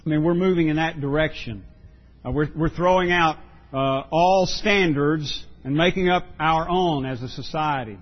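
A pastor preaching a sermon, earnest and emphatic, often repeating words for stress. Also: male voice, a little high, normal speed, highs cut off.

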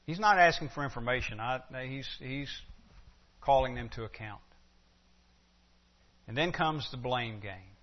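A man's voice: mid-range voice, lively intonation, measured pace, long pauses. A man preaching an expository sermon in a conversational way, asking his listeners rhetorical questions. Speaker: pastor. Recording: dull lo-fi recording.

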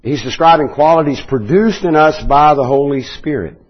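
A man preaching a Bible teaching sermon, explaining verses in a measured way with restarts and asides. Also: on the high side, husky, highs cut off.

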